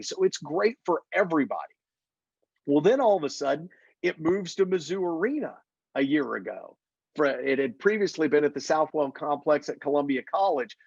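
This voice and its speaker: A man's voice: a little high, slightly rough, no echo, muffled recording. A man who works as a play-by-play announcer, chatting in an interview and acting out the people in his stories. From Missouri. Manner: animated storyteller, acts out quotes. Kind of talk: casual interview chat.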